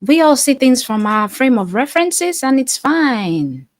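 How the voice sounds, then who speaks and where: A woman's voice: high-pitched, big pitch swings, measured pace, no room sound. A woman from Nigeria hosting a live stream, speaking earnestly and repeating phrases for emphasis as she answers viewer comments. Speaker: live-stream host, life coach.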